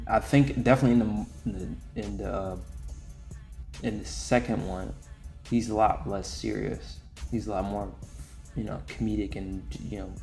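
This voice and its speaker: Rambling low-voiced young man reviewing films. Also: a little mellow. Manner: rambling, many restarts and fillers, offhand. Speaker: film reviewer. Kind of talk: casual spoken movie review.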